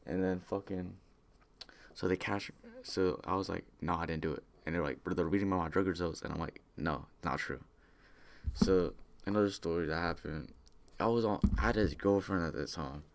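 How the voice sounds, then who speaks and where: A man's voice: sits low, moderate pace, creaky, a little hiss or hum. A young man telling a rambling personal story in casual slang, full of fillers and restarts. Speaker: vlogger telling personal stories.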